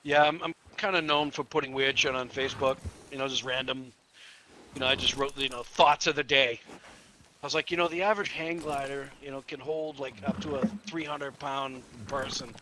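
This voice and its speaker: A man's voice: medium pitch, fairly even intonation, normal speed, background noise. A man chatting casually while gaming, rambling through crude stories and laughing at his own jokes. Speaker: player telling stories.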